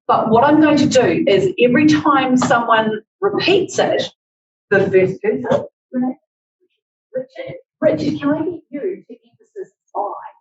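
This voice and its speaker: Brief: woman, higher voice, slow-paced speaking coach, echoey room, mic far off. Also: animated, a little hiss or hum. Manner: slow, deliberate, demonstrative delivery. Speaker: public speaking presenter. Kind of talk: workshop presentation. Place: library meeting room. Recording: echoey, distant, dull audio.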